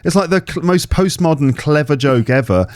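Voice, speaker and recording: A man's voice: fairly high pitch, expressive, moderate pace, darkish tone, no echo, studio quality. A man hosting a podcast, chatting casually and thinking aloud in questions. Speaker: podcast host. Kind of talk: casual conversation about comedy.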